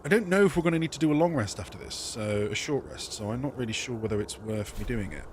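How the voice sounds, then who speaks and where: A man talks through his game in a casual, rambling way, often stopping to correct himself. His mid-range voice swings widely in pitch. A faint hum of noise sits behind him. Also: expressive, fast talker. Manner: thinks aloud, self-correcting, rambling. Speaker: let's play streamer. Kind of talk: casual gameplay commentary.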